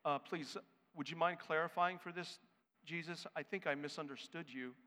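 Figure: impulsive male disciple, put on by a preacher. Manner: blunt, dismissive protest. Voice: high and bright. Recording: echoey hall. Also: fairly even intonation, moderate pace, clean tone. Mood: mock polite.

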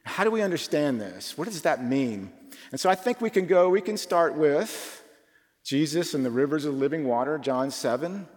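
A man preaching a conversational sermon, informal and full of rhetorical questions, shifting between quick asides and slow emphatic phrases. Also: a little high, lively intonation, a little mellow. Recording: long reverb from a large hall.

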